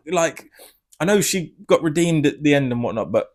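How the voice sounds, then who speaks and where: A man giving a casual spoiler review, rambling and excitable, swearing freely. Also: a little high, normal speed. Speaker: film reviewer.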